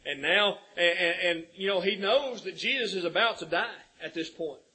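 A man delivers a sermon in a husky, slightly high voice. He talks earnestly and climbs to emphatic peaks as he drives each point home. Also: moderate pace, bright, forceful tone, low-quality recording. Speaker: preacher.

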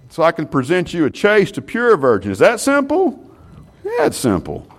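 A man preaching to a Bible class, animated and full of rhetorical questions. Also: high voice, normal speed.

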